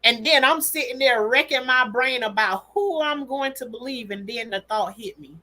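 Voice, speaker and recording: Bright-voiced woman chatting candidly on a livestream. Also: a little high, normal speed. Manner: candid, emphatic storytelling with frequent laughs. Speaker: livestream host and mother. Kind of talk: casual livestream chat.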